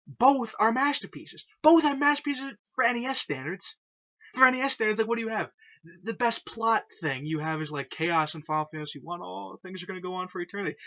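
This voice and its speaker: Hyped young man, bright lo-fi vlog. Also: sits high, a little fast. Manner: excitable, rambling, keeps saying "yo". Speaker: video creator. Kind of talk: casual fan vlog. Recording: dull lo-fi recording.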